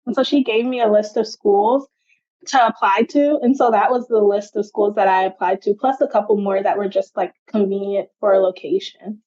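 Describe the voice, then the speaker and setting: A woman's voice: mid-range voice, fairly even intonation, normal speed, a little mellow. Young woman chatting over muffled audio. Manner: chatty, uses "like" often. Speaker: genetic counselor, guest. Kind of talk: casual interview answers.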